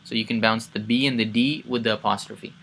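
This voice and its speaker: A man teaching Quran recitation in a casual lesson. He explains each sound step by step, repeats words several times and chants the recited verses louder. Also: fairly low pitch, steady tone, fairly quick, creaky.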